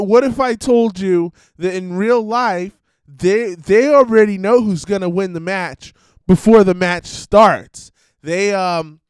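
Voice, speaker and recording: A man's voice: sits high, smooth, no echo, clean studio sound. A man hosting his own podcast, rambling through a profane, self-interrupting rant and mimicking other people's voices. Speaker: podcast host. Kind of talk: casual ranting monologue.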